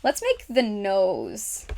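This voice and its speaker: There's a slight hiss or hum as a woman with a mid-range, gravelly, somewhat mellow voice hosts a casual craft stream. She speaks to viewers in the chat and guides herself through each step, laughing frequently.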